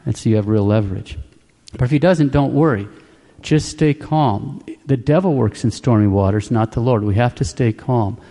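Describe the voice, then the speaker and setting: A man with a mellow, warm voice teaches in a calm, plain-spoken way, often repeating his key points. His voice rings with a long reverb, as if in a large hall. The pitch sits at an ordinary middle level. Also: moderate pace. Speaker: Catholic preacher. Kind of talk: instructional religious talk.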